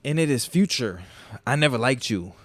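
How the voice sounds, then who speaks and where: A man co-hosting a podcast, telling stories in casual, profane, animated chat. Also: medium pitch, moderate pace, no room sound. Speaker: podcast co-host.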